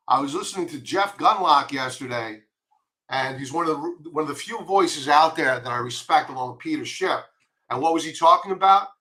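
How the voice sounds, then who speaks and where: Bright, blunt Long Island man. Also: fairly high pitch. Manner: blunt, emphatic, repeats warnings. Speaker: market commentator. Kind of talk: stock chart commentary.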